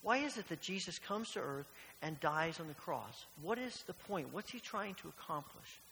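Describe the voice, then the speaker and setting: A man's voice: a little high, big pitch swings, normal speed, creaky, bright, forceful tone. A man preaching a sermon as pastor, earnest and questioning, often repeating phrases. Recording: long hall reverb, faint hiss.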